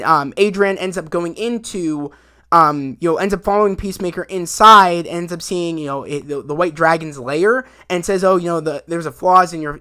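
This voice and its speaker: A man casually recapping a TV episode in a rambling, excited way, full of fillers and quick asides. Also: high-pitched, smooth. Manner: rambling, animated retelling with many fillers and acted quotes. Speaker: video reviewer.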